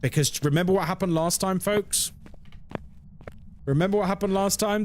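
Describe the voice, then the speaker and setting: A man's voice: sits high, moderate pace, long pauses, slight background noise. A man in his thirties, a live-streamer casually chatting with his viewers and answering chat playfully. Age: 30s.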